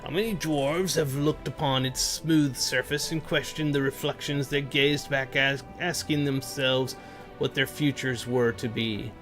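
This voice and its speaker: A man reading aloud the words of a young dwarf who recounts grim mountain lore, in a plain, unhurried voice. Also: medium pitch, steady tone, fairly bright tone, faint music behind, close to an everyday voice. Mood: solemn.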